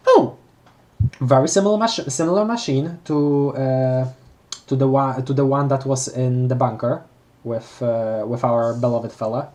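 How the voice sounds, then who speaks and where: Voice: mid-range voice, normal speed, mellow. A streamer reading a webcomic aloud on a live read-along, often stumbling over words and reacting with gasps and emotion. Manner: reads aloud with frequent stumbles and restarts.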